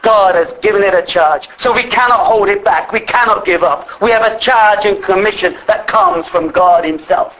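A male preacher delivering a fervent sermon in a high, bright voice. He presses his points hard and calls the listeners brethren, now and then rising to a shout. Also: moderate pace, few pauses, low-quality recording. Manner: impassioned, rises to shouts; addresses congregation as brethren.

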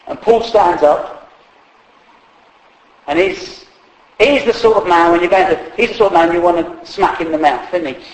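A man's voice: high-pitched, normal speed, pauses often. A man preaching a sermon in a humorous, conversational way, acting out quotes along the way. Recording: echoey hall.

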